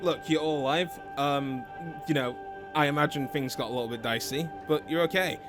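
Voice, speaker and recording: A man's voice: a little high, fairly quick, over music, natural voice. A man voicing a friendly, reassuring town guard in a tabletop game.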